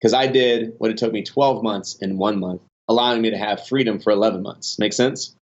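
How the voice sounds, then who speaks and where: A man's voice: lowish voice, brisk, lo-fi sound. A man guest on a podcast, telling business stories in a casual, rambling way with lots of restarts. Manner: rambling, many restarts and fillers, animated in stories. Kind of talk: casual conversational storytelling.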